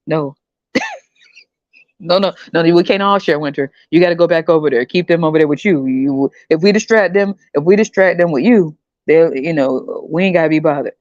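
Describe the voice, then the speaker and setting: Animated, laughing woman podcast host. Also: sits low, moderate pace, no echo, highs cut off. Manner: animated, laughs often, slangy. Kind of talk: casual comedic rant.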